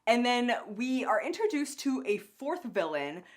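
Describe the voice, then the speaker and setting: A woman's voice: a little high, a little slow. Chatty young woman rambling casually. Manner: rambling, animated, many "like" fillers and laughs. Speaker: podcast co-host reviewing a cartoon. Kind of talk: casual chat.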